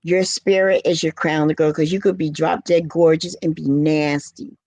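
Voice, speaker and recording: A woman's voice: low-pitched, little pitch movement, normal speed, a little mellow, no room sound. A middle-aged woman hosting a casual live-stream chat, talking earnestly and with feeling, reading viewer comments aloud. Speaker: live show host.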